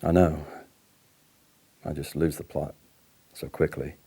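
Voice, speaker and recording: Late-forties man, playing a deep-voiced, raspy, volatile addict in counselling; swings from outbursts to shame. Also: flat delivery, slow, mellow, exaggerated voice. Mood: low, ashamed. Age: late 40s. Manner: swings between outbursts and low, muttered apology. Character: angry recovering male addict near fifty, volatile and ashamed. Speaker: counselling client in a training role-play.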